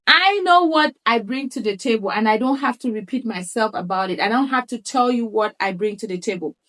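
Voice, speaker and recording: High-pitched female coach; emphatic and repetitive, slips into quoted asides. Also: animated, brisk, a bit bright. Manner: emphatic, repeats points for stress; acts out others' words in quoted asides. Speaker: lifestyle coach. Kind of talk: motivational talk to viewers.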